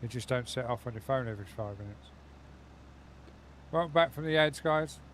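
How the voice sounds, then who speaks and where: A man's voice: mid-range voice, moderate pace, a bit bright, slight background noise. Chatty man streaming a game. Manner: chatty, rambling, talks straight to his viewers. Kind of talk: casual live gaming stream chat.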